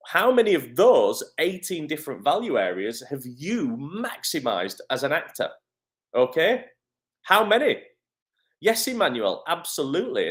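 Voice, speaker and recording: A middle-aged man with a Northern English accent, an acting coach giving a live coaching talk, encouraging and energetic, answering viewer comments. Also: mid-range voice.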